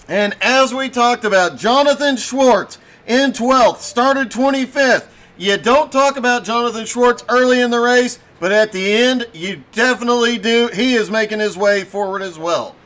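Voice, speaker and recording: A man with a strikingly high voice calls a simulated stock car race in brisk play-by-play. His voice is wearing thin from weeks of commentary. He reels off running order and passes one after another. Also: a bit bright. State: losing his voice.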